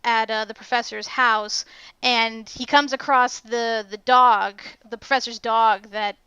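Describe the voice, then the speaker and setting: A young woman co-hosting a casual film review chat, talking in an animated, exasperated way and swearing freely. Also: fairly high pitch, unhurried, clean tone, no room sound, dull audio. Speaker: podcast co-host.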